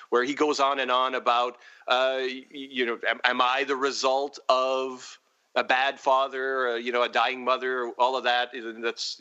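A man's voice: mid-range voice, sharp tone, muffled recording. A man discussing a film on a podcast, thoughtful and full of restarts and fillers. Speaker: podcast co-host.

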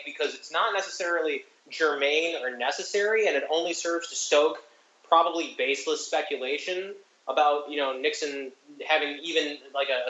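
A man's voice: a little high, a bit bright. A man talking casually about a film in a thoughtful, rambling way, with many fillers. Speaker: podcast co-host. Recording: echoey, dull lo-fi mic.

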